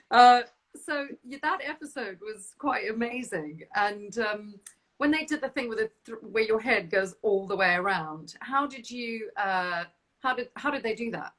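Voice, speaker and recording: A woman's voice: fairly high pitch, fairly bright tone, low-quality recording. A woman from South Africa hosting an interview, chatty and curious as she asks questions. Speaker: host. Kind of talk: casual interview chat.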